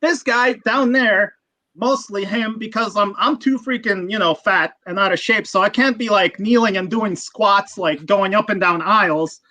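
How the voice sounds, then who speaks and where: Male streamer, crisp bright tone, dry mic, foul-mouthed and rambling. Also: high-pitched, moderate pace, dry recording, poor audio. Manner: profane, ranting, rambling. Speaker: livestream host. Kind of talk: casual livestream chat.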